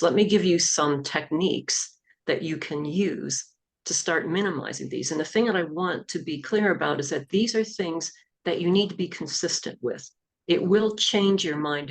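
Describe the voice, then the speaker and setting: Woman coach with a gravelly edge. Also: deep voice. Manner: explanatory, easygoing, with fillers. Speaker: executive coach and hypnotherapist. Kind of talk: recorded talk on self-help techniques.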